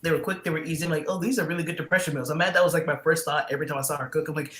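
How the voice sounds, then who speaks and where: A woman chatting casually on a stream, from the American South, an animated storyteller with loud laughs, currently sick. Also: low voice, racing, few pauses. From Southern United States. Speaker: co-host. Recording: roomy echo, faint background noise.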